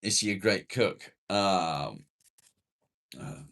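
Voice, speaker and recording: A man's voice: low-pitched, slow pace, fairly bright tone. A man from England hosting a casual livestream, reading and answering chat comments bluntly and swearing freely. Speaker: livestream host.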